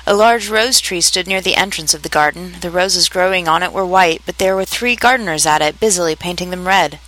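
A reader giving a measured, expressive narration of a children's story. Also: mid-range voice, low-quality recording.

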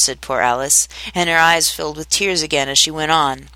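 A woman reading a classic children's story aloud as narrator, measured and expressive. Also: deep voice, smooth, no echo. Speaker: audiobook narrator.

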